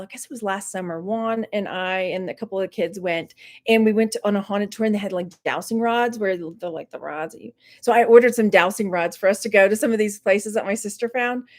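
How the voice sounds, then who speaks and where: A woman's voice: medium pitch, darkish tone. A middle-aged woman from Texas rambling casually on her livestream, laughing often, her mouth dry. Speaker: online reseller hosting a livestream.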